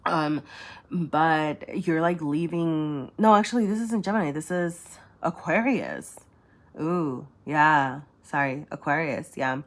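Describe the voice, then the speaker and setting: A woman's voice: deep voice, slow pace. A woman doing a casual tarot reading, rambling with many fillers and often checking in with "right?" and "okay?". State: choked up at times. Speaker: tarot reader.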